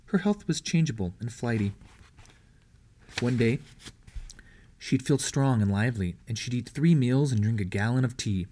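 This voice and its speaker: A man reading a historical novel aloud as an audiobook. His storytelling is steady and measured. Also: mid-range voice. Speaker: audiobook reader. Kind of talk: audiobook narration.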